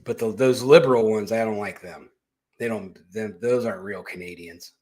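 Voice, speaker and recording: A man with a fairly low, slightly mellow voice speaks at normal speed as he hosts a casual political commentary show. His opinion monologue is blunt, sarcastic, and mocking, full of free cursing, and it rambles with restarts and asides.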